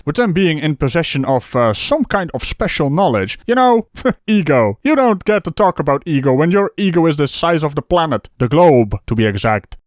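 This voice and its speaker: A man talks over clips with sharp sarcasm, his voice pitched high and swinging widely as he mocks. The recording sounds close and dry. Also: no echo. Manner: mocking, sarcastic, laughs at clips. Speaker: debunking commentator. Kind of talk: sarcastic reaction commentary.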